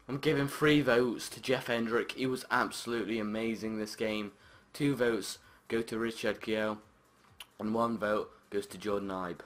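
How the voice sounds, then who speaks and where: A man commentating his own football video game match, chatting along and breaking into shouted, sweary outbursts at the play. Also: lowish voice, fairly even intonation, normal speed. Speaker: gaming channel host.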